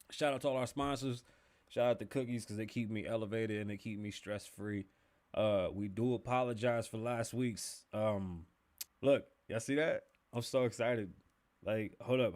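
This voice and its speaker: Young male podcast host, casual and joking, mid-pitched voice, chatty delivery that swears freely. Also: darkish tone. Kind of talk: casual livestream podcast with sponsor read.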